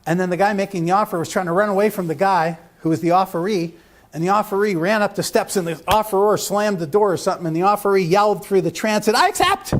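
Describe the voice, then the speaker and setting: A man's voice: sits high, fairly even intonation, fast. A man giving a live lecture to a room of lawyers, rambling through a joke and asking the audience questions. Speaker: lecturer at a legal education seminar.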